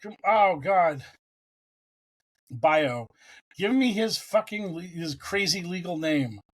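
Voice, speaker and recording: This podcast co-host from the United States has a high-pitched voice and speaks slowly. He tells rambling, profane, animated stories on a casual sports show.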